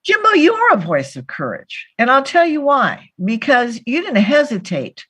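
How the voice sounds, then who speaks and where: Woman broadcaster giving a tribute speech, really animated pitch, punchy and direct. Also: moderate pace, slightly rough. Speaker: broadcaster presenting an award. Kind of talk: conference speech.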